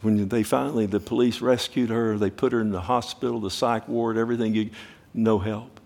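A man's voice: on the low side, fairly even intonation, brisk, creaky, darkish tone. A middle-aged male pastor preaching a sermon, telling stories with rising urgency and asking the congregation direct questions.

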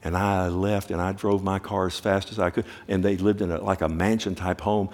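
A man's voice: deep voice, level tone, normal speed, a little mellow. A middle-aged male pastor preaching a sermon, telling stories with rising urgency and asking the congregation direct questions.

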